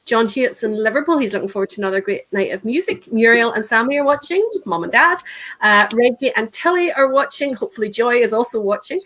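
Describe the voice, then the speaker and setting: A woman's voice: fairly high pitch, animated, quick pace, fairly bright tone, low-quality recording. Chatty woman hosting. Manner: chatty, reads out viewer names. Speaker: host. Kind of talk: casual chat on a livestream.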